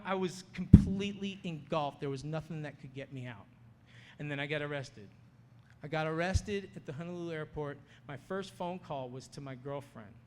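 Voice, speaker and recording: A man giving an animated personal testimony, storytelling and acting out the voices of people he quotes. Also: fairly high pitch, clean tone. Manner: storytelling, acts out quoted voices, laughs often. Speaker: speaker sharing his testimony. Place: conference hall. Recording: long hall reverb.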